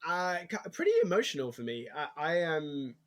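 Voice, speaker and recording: A man from England with an English accent, talking casually as an actor guest, animated and quick to act out quoted lines. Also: on the high side. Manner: animated storytelling, acts out quotes, laughs easily. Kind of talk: casual interview chat.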